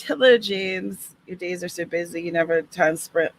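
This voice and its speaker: A woman's voice: on the low side, normal speed, slight background noise, rough recording. A woman hosting a writing livestream, chatting casually and reading comments aloud with small asides. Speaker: host.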